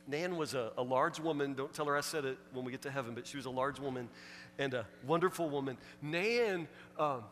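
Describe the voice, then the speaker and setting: A male pastor from a small American town preaching a storytelling sermon in a church, swinging between loud and soft. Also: medium pitch, brisk. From Woodburn, US. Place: church sanctuary. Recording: reverberant church hall, faint hum.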